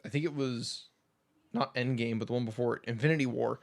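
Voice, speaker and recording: A man's voice: mid-range voice, steady tone, a little fast, gravelly. A man co-hosting a podcast in casual chat, rambling through a fan theory with enthusiasm. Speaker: podcast co-host.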